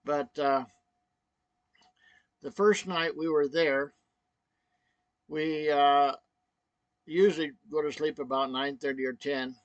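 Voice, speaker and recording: Brief: choked-up man vlogging a personal story, halting with many restarts, slightly high, dry. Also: no room sound.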